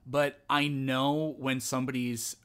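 A man chatting as a podcast guest, thoughtful and calm, often restarting his sentences. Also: medium pitch, unhurried, clean tone. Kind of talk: casual conversation.

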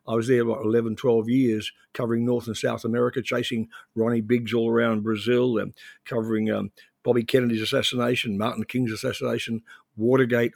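Older gravelly man from New Zealand. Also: mid-range voice, no echo, clean studio sound. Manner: anecdotal, rambling with restarts. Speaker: interview guest, former journalist. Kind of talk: conversational interview.

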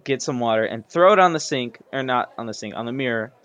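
A man's voice: mid-range voice, animated, fast, fairly bright tone. Rambling young man telling stories. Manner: rambling, self-interrupting storyteller. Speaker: podcast co-host. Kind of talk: casual chat, storytelling. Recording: muffled lo-fi sound.

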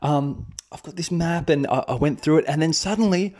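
Chatty Australian man telling a story. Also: moderate pace. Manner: chatty, animated, raises pitch for quoted voices. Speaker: podcast host, English teacher. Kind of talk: casual storytelling.

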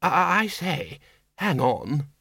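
A man's voice: on the high side, expressive, normal speed, a bit bright, no echo, studio quality, voice pushed up. A man voicing a timid, elderly male zombie wizard who stammers and hesitates. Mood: flustered.

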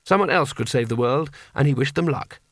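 A man narrating an audiobook in an even, dry storytelling manner. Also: mid-range voice, brisk, no echo. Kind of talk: scripted narration.

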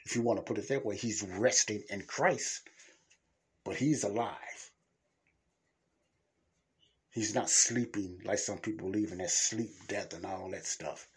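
Husky-voiced blunt preaching man. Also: lowish voice, unhurried, pauses often. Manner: blunt, preachy, plain-spoken. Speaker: podcast host. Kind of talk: casual Christian teaching monologue.

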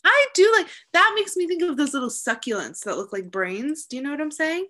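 Bright-voiced Midwestern woman. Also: sits high, big pitch swings, brisk. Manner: blunt, opinionated. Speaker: podcast co-host. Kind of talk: casual chat.

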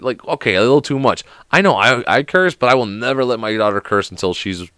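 A man's voice: medium pitch, animated, fast, few pauses, fairly bright tone, no echo, studio quality. A young man who is sick hosts a podcast alone in casual chat. He swears constantly and rambles through anecdotes. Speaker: podcast host.

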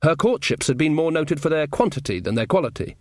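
A man narrating an audiobook in a wry, expressive manner. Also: fairly high pitch, a little fast, dry recording, studio quality.

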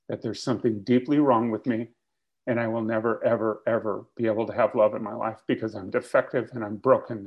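A man's voice: mid-range voice, muffled recording. A man speaking to a recovery meeting, telling his story with candid, blunt, self-mocking humor. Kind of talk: confessional comic storytelling.

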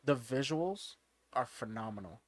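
A man co-hosting a podcast rambles through a casual chat, full of fillers and restarts. His mid-range voice is animated but a little slow, in a dry recording.

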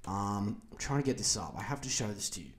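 A man in his twenties with an Australian accent, hosting a podcast in a profane, animated comedic rant. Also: on the low side, fast. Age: 20s. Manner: profane, animated, mock voices for others. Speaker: podcast host.

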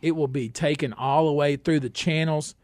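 A man hosting a comedic radio talk show, boisterous and jumping between loud bursts and low asides. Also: fairly even intonation, moderate pace, no room sound. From Northeast Texas.

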